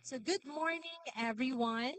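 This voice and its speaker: A woman's voice: high-pitched, a little slow, a bit bright, slight background noise. A woman hosting an event in a hall, giving announcements with some hesitation. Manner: hesitant, with fillers and repeats. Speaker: event host.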